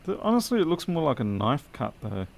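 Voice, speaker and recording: A man's voice: on the high side, very animated, brisk, gravelly. A tired man streaming a late-night electronics repair, muttering as he works and answering live chat with dry, self-deprecating remarks.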